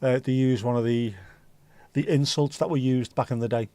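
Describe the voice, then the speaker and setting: A man's voice: mid-range voice, steady tone, normal speed, dark tone, smooth, no room sound. A tired man hosting a casual livestream, rambling and reacting to chat with the odd swear word. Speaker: livestream host.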